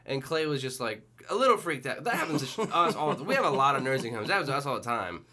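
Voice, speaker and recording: A young man telling a story in casual podcast chat, animated, acting out the people in it. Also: quick pace. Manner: animated storyteller, mimics people in high voices. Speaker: podcast co-host.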